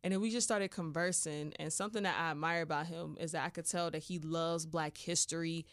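A woman hosts a podcast and tells a personal story in a loose, chatty way. She is playful and animated, with slangy asides. Her voice is smooth and clear, and the recording is dry and close. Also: low voice, fairly quick, no echo. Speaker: podcast host.

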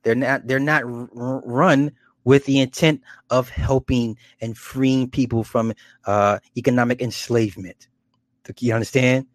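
A man hosting a casual commentary, animated and profane, often laughing at his own stories. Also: mid-range voice, a little slow, no echo, studio quality.

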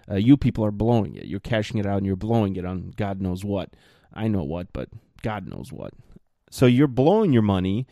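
A man's voice: lowish voice, dark tone, dry recording, clean studio sound. Blunt, exasperated man in his thirties. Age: 30s. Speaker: podcast host. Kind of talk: ranting solo podcast.

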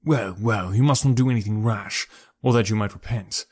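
A man reading the lines of a scheming, greedy army major in an audiobook, in a halting, guarded way. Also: lowish voice, a little mellow, breathy edge. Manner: halting, guarded officer's speech.

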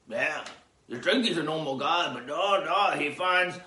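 A man riffing on an odd news story in a rambling comedy bit, lurching from loud outbursts to low mumbled asides. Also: expressive, moderate pace, reverberant.

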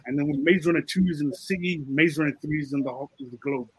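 A man, a film director and writer, talking casually in an interview and explaining his ideas in a relaxed way. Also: fairly high pitch, fast, husky, low-quality recording.

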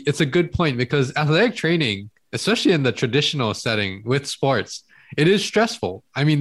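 Easygoing man hosting a chat. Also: fairly high pitch. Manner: reflective, laughs along, frequent "you know". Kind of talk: casual chat.

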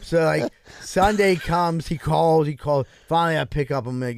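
A man's voice: fairly high pitch, animated, measured pace, vocal fry, no room sound. A man telling a long, profane, rambling story on a podcast and laughing at his own jokes. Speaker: podcast co-host. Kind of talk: casual storytelling.

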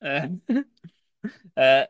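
A man's voice: medium pitch, very animated, dull audio. A man co-hosting a comedy podcast, reacting with teasing quips in casual chat. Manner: teasing, quick reactions and laughter.

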